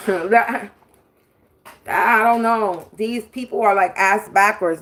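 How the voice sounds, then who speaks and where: A woman's voice: mid-range voice, slow pace, a bit bright. A woman hosting a spiritual livestream, delivering a profane, confrontational rant with repetition and scattered laughs. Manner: laughs mid-sentence. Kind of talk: ranting livestream monologue.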